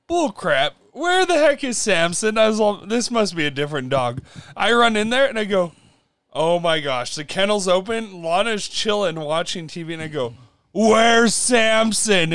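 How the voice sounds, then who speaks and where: A man's voice: high voice, fairly bright tone, no room sound. A man co-hosting a podcast, telling a story animatedly, acting out quotes and laughing a lot. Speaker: podcast co-host.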